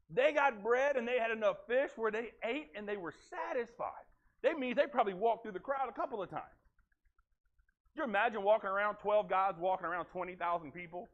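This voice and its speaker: A man preaching a sermon in a church, telling the story in a folksy, animated way. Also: sits high, normal speed, muffled recording. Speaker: pastor. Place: church sanctuary.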